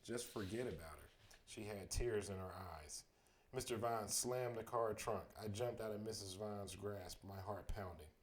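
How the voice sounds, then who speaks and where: A man reading a children's chapter book aloud as a bedtime story, steady in the telling and livelier on the quoted lines. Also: on the low side, measured pace.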